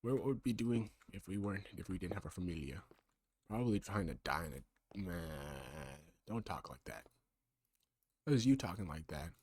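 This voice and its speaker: A man's voice: low voice, expressive, normal speed, gravelly, a little mellow, breathy edge, no room sound. A man in his twenties doing casual gaming commentary, rambling and sarcastic as he bickers back and forth with himself. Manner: bickers with himself in two alternating sides. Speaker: let's play creator.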